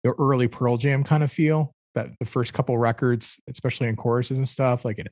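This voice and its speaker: A man's voice: medium pitch, little pitch movement, a little fast, a little mellow, dry recording. A man co-hosting a music podcast, talking through a record casually and hunting for the right words. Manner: rambling, searches for words with fillers. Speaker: podcast co-host. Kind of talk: casual chat, music review.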